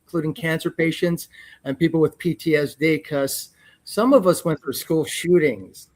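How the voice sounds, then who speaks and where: Higher-pitched man, earnest and direct. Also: steady tone, normal speed. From New Jersey. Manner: earnest, speaks his mind. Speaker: dating show contestant. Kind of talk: casual chat.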